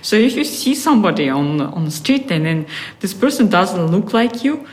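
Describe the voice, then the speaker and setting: A woman's voice: medium pitch, big pitch swings, moderate pace. A woman from Russia, an artist talking reflectively in an interview with many fillers and some frustrated swearing. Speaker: artist guest. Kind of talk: casual interview talk. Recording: roomy echo.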